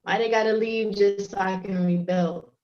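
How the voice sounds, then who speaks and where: A woman's voice: mid-range voice, steady tone, darkish tone. Woman reciting spoken word over choppy call. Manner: measured, rhythmic delivery. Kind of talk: spoken word poetry performance. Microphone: video call with choppy connection. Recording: dull lo-fi call audio.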